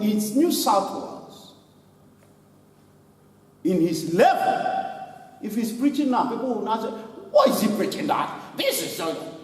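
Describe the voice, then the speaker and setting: A man preaching a sermon as pastor, animated, laughing and imitating people as he goes. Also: high voice. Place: church hall. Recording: echoey hall from far off.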